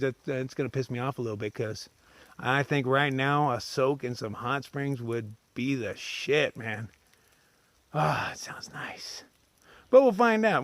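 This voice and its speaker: Man, thirties, solo hiker vlog, outdoors, rambling, casual swearing, middle pitch, faint hiss. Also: creaky. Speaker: solo long-distance hiker. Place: outdoors on a forest trail.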